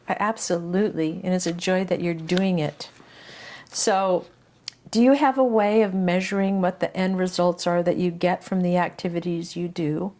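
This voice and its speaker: A woman hosting an interview, asking questions and warmly affirming her guest's stories. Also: fairly low pitch, fairly even intonation. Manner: warm, encouraging, quick affirmations. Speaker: interview host. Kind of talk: conversational interview.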